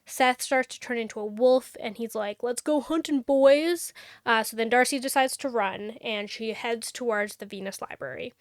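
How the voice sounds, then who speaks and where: A woman's voice: a little high, steady tone, moderate pace, hardly any pauses, no echo, clean studio sound. A young adult woman co-hosting a podcast, recapping a book in a rambling, sarcastic, casual way. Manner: rambling, sarcastic, filler-heavy. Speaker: podcast co-host.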